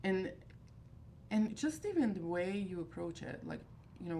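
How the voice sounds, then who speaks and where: A woman's voice: mid-range voice, very animated, normal speed, vocal fry, warm tone, slight background noise. A woman in her thirties hosting a livestream, talking in a rambling, candid and exasperated way. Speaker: livestream host of a fragrance group. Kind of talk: casual chat.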